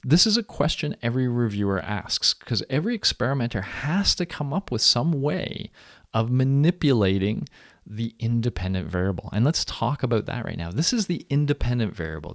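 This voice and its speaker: Man, university lecturer, conversational, lowish voice, dry recording. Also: dry recording. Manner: conversational, acts out quoted people animatedly.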